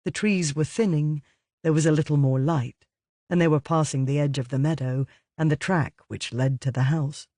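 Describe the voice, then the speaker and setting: A man's voice: fairly high pitch, steady tone, moderate pace, warm tone, dry recording. Man narrating an audiobook, dry sound. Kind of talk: scripted narration.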